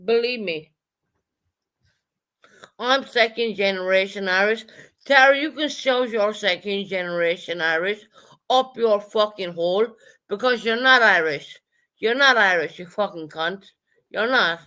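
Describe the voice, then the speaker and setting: A woman with a medium-pitched voice fumes during a livestream, her delivery a little slow, strained and bright. She's profane and repetitive, singling out people in the chat by name in her angry rant.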